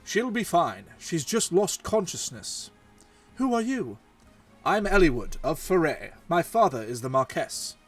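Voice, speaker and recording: A man's voice: fairly high pitch, big pitch swings, unhurried, soft background music. A man voicing a polite, earnest young noble lord in a mock British accent, reading game dialogue. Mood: courteous.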